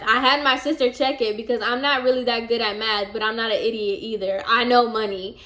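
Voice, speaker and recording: A young woman tells a storytime from her own life in a loose, exasperated way, slipping into the other people's lines as she goes. Her voice sits fairly high. It is recorded in a noticeably echoey room. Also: a little fast, hardly any pauses. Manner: animated, exasperated retelling that acts out both sides of the dialogue. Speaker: vlogger. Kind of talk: casual storytime. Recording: roomy echo.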